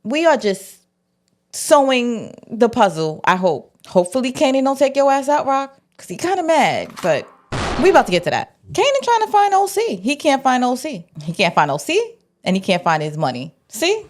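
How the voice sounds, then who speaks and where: A woman's voice: a little high, sing-song, moderate pace, slight background noise. A woman host breaking down a TV episode in casual, slangy chat, acting out the characters' lines as she goes. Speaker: TV recap host.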